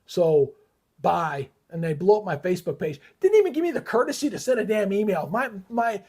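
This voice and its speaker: A man's voice: high-pitched, very animated, fast talker, a little mellow, husky. A middle-aged man hosting a live weather stream, heated and ranting, swearing often in casual commentary. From Georgia, USA. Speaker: weather livestream host.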